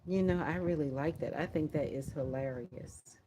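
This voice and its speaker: A woman's voice: low voice, normal speed, background noise. A woman hosting a livestream prayer watch, chatting casually, laughing often and reading viewer comments aloud.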